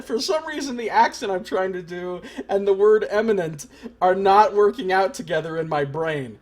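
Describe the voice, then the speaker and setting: A man's voice: high voice, normal speed. A man streaming a game from his apartment, giving sarcastic, profane commentary as he riffs aloud. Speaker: let's play streamer.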